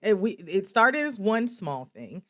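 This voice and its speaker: Animated woman podcast host, dry close mic. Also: a little slow, no room sound. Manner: animated, acts out quoted dialogue with big pitch jumps. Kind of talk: candid conversational storytelling.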